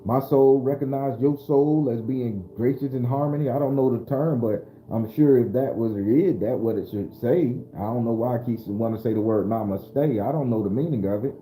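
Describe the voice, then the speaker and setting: A man with a mid-range, mellow voice talks at a moderate pace with few pauses, his sound roomy and faint music playing underneath. He's hosting a casual spiritual livestream, loose and preachy, addressing his viewers directly.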